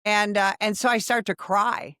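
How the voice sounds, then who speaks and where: A woman in her sixties, a former undercover police officer, telling a story in a podcast conversation with dramatic, animated retelling. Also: medium pitch, moderate pace, clear, resonant tone, no room sound, clean studio sound. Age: 60s.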